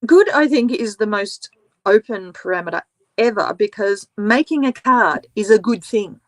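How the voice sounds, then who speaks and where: A woman's voice: medium pitch, lively intonation, normal speed, dry recording. A woman with an Australian accent, a guest on a live show, chatting in an easygoing way and laughing easily. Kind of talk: casual live-stream chat.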